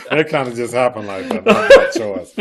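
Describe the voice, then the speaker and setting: A man's voice: medium pitch, very animated, moderate pace, over a noisy crowd. A man, an actor being interviewed, talking casually with many fillers and frequent laughs. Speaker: actor guest.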